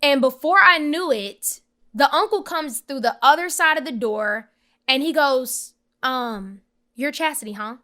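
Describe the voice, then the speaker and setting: Bright-voiced young woman telling a story. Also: high-pitched, unhurried. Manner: animated, emphatic, acts out quoted voices. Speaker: podcast guest. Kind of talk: emotional personal storytelling.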